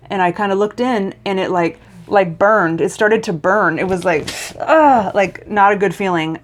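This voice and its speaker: Emotional, chatty woman telling a story. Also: fairly low pitch. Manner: chatty, emotional, stumbles and restarts often. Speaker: vlogger. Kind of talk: casual storytelling to camera.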